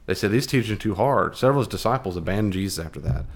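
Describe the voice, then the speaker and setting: A man teaching a Bible class in a conversational, animated way, with fillers and restarts. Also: on the low side, racing.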